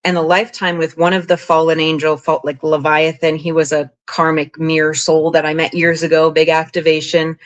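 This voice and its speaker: A woman guest on an interview podcast, telling long spiritual stories in a rambling, animated way, full of "like" and "you know". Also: low voice, a little fast, few pauses, lo-fi sound. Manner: rambling, animated, frequent 'like' and 'you know'. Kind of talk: casual interview storytelling.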